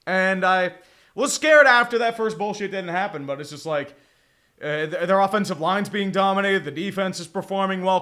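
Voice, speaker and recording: Bright, high-voiced excitable male streamer. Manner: excitable and profane, with mock play-by-play calls. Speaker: streamer hosting a game watch-along. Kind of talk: casual live game commentary.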